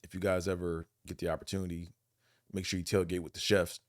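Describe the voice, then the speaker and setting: A man from Buffalo with a Buffalo accent, hosting a casual monologue vlog, rambling and animated, profane, often mimicking other people's accents. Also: deep voice, fast, no room sound, studio quality. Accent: Buffalo, New York. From Buffalo, New York. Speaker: vlog host.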